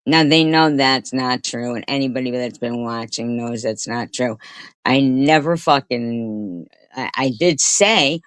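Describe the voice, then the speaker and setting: A woman's voice: very deep voice, measured pace, clean tone, no room sound. A woman livestreamer giving rambling, indignant, profane commentary to her chat.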